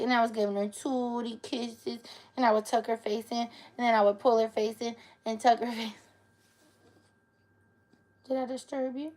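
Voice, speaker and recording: A woman's voice: fairly high pitch, little pitch movement, normal speed, pauses often, a little mellow. A woman chatting on a live stream, playful and cooing at her pets in baby talk. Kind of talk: casual live-stream chat.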